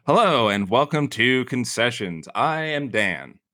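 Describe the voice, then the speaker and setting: A man's voice: medium pitch, sing-song, a little slow, heavy background noise. A man with a Chicago accent hosting a podcast in casual, rambling chat with frequent fillers. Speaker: podcast host.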